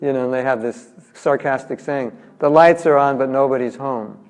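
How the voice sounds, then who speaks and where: In a large, reverberant temple hall, an American man with a mid-range voice teaches a spiritual class at normal speed. His lively scripture lecture is casual and funny, with quotes he acts out.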